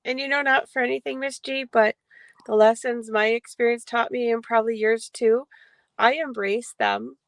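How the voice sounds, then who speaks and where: Woman guest, slightly high, flat delivery, reflective. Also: moderate pace, smooth, no room sound.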